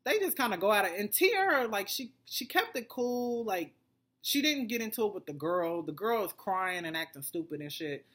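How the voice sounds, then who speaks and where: A woman's voice: mid-range voice, animated, normal speed, a bit bright. A woman vlogger giving a blunt, profane, rambling recap of a TV episode. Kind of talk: casual TV recap commentary.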